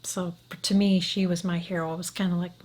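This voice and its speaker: A woman's voice: fairly low pitch, level tone, brisk, darkish tone. A middle-aged woman chatting frankly to camera as a beauty vlogger, often sinking to a near whisper. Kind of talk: casual chat to camera.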